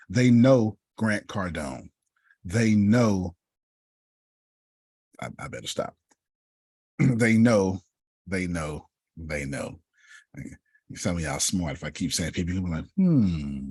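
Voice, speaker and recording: Low husky man giving a motivational talk. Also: no room sound, clean studio sound. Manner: animated storytelling, calls listeners by name. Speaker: speaker coaching authors.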